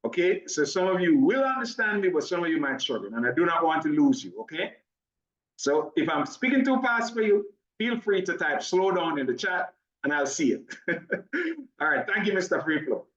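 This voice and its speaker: A man with a Jamaican accent giving an upbeat, persuasive online sales presentation, talking fast when excited. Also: on the high side, echoey room, distant mic, highs cut off. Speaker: business opportunity presenter.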